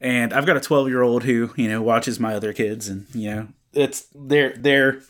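A man in his thirties talks in a loose, rambling way, piling on fillers and false starts as he tells a story. His pitch sits in the middle range for a man. He co-hosts a relaxed comics chat show. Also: moderate pace. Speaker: podcast co-host. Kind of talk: casual chat.

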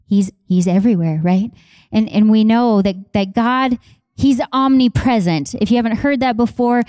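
Woman pastor, sermon delivery, fairly high voice with a warm, mellow tone, dry sound, repeats lines for emphasis. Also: dry recording. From Canada. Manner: passionate, repeats phrases for emphasis, conversational asides to congregation. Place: church.

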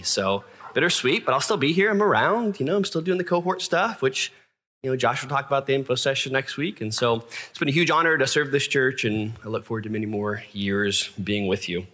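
A man's voice: mid-range voice, sharp tone. A man preaching a casual, self-deprecating sermon to his church, with fillers and asides. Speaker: pastor.

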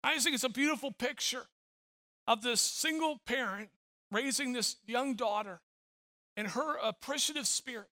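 A man's voice: extremely high pitch, normal speed, pushed and bright. A middle-aged man preaching a sermon as pastor, telling stories with frequent repeated words.

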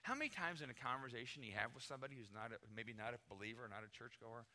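An American man in middle age preaches in a relaxed, conversational way, stressing key words and slipping into little acted-out exchanges. His voice is very bright and sits at an ordinary pitch for a man. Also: rapid-fire. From United States. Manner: conversational, emphatic, acts out little dialogues. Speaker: pastor. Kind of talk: sermon.

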